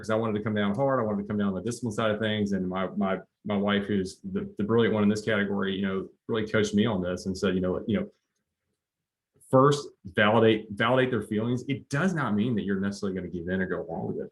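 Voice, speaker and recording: A middle-aged man gives a leadership webinar talk in a conversational way, full of fillers and restarts. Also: on the low side. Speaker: leadership coach.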